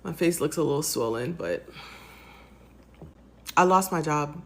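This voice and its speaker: A woman in her thirties from the United States, tearful from crying, talking softly and haltingly in a personal vlog. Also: deep voice, lively intonation, vocal fry, a little hiss or hum. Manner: soft, halting, rambling with fillers. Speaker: vlogger.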